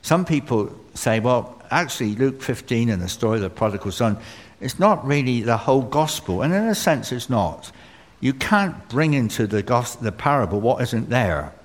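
A man preaching a sermon in an earnest way, often pausing with fillers and restarting phrases. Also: medium pitch, very animated. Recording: long hall reverb.

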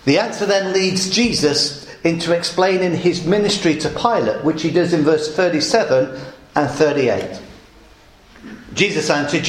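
Guy preaching a sermon, bit high voice, big swings in tone, echoey hall sound. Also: a little slow. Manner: dramatic, acts out quoted lines. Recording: echoey room.

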